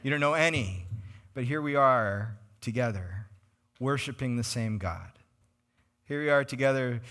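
A man preaching a sermon as a pastor, conversational and animated, speaking to his congregation in a church. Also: medium pitch. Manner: conversational and animated, names congregants, acts out quoted voices. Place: church sanctuary.

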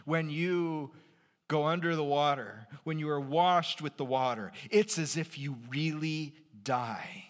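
Conversational male pastor preaching a sermon. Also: unhurried. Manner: conversational and lively, rising in pitch and volume for emphasis.

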